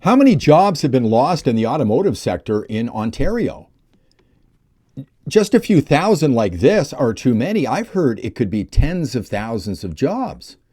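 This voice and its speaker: Fiery ranting man, animated pitch. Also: normal speed, husky. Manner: heated, emphatic ranting. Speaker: political commentator. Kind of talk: opinion vlog commentary.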